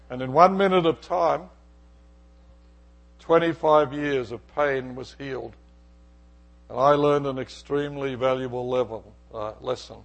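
A man's voice: mid-range voice, unhurried, long pauses, a bit bright. A middle-aged male pastor preaching, telling a personal story and acting out its dialogue. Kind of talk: sermon with storytelling.

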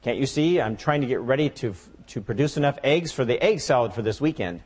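A man's voice: mid-range voice, expressive, brisk, a little mellow, slightly rough. A man voicing a busy, dismissive hen who brushes off a plea for help. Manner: curt, brushing off.

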